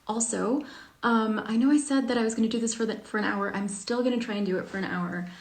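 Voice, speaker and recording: A woman's voice: a little high, quick pace. A woman talking casually on a live stream, answering reader questions with lots of fillers and a self-deprecating tone. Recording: echoey room.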